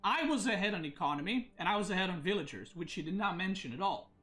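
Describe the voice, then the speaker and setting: A man's voice: high voice, expressive, fast, sharp tone, faint music behind. A man streaming, ranting agitatedly about an unfair referee decision, upset and stumbling over his words. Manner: agitated, ranting, frequent restarts. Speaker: esports player and streamer. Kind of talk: livestream rant.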